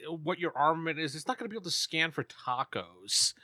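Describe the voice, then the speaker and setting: A man running a tabletop game as game master, narrating in a relaxed, hesitant way. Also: on the high side, fairly quick, dry recording.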